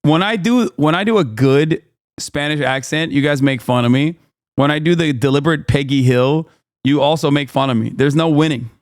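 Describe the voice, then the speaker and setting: A man's voice: a little high, moderate pace, no room sound, clean studio sound. A man hosting a live reaction stream, casual, joking and sarcastic, and talking back to his chat. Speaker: streamer host.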